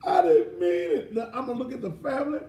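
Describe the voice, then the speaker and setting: A man's voice: very high voice, lively intonation, fast, mellow, far from the mic, pitched above the performer's own voice. A man putting on the voice of a sobbing woman defendant who begs for forgiveness in an overwrought, wailing way. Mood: mock sobbing. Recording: echoey room, voice off-mic.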